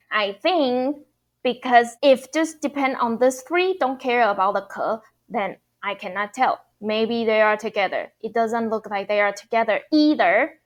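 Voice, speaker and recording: Slow, patient woman teaching Mandarin. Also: on the high side. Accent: Taiwanese Mandarin. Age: 30s. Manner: slow, patient explaining with repeated examples. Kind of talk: online language lesson.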